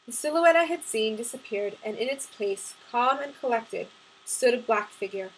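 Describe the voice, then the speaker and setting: A woman's voice: on the high side, expressive, normal speed, breathy edge, poor audio. A woman reading aloud from her own novel, chatting casually with ums before she begins. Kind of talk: audiobook-style chapter reading.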